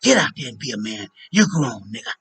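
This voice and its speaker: A man's voice: medium pitch, big pitch swings, brisk, gravelly, a bit bright, slight background noise, voice pushed down. A man voicing his scolding, stingy mother, blunt and dismissive toward her grown son.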